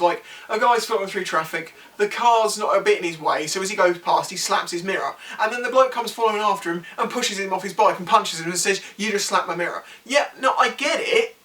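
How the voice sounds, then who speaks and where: A man's voice: high voice, sharp tone, far from the mic. A man, a motorcycle vlogger giving a frank, exasperated opinion to camera and sometimes acting out other riders. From England. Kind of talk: casual opinion rant to camera.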